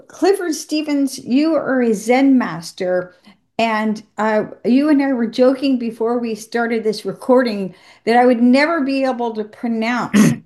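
A woman hosting a health radio show, giving a brisk, upbeat introduction and then interviewing a guest. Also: on the high side, a little mellow.

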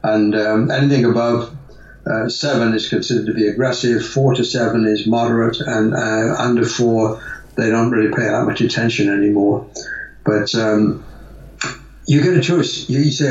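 A man's voice: mid-range voice, steady tone, normal speed, darkish tone. Man answering at length, far off in a room. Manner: rambling, with many restarts and fillers. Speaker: guest, natural health advocate. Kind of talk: conversational interview answers. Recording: roomy, distant, dull sound.

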